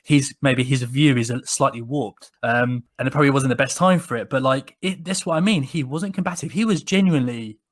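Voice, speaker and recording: Podcast co-host, man, thirties, mid-pitched, chatty storyteller who restarts a lot. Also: a little fast, few pauses. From England. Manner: rambling, many restarts, animated when quoting people. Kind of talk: casual conversational storytelling.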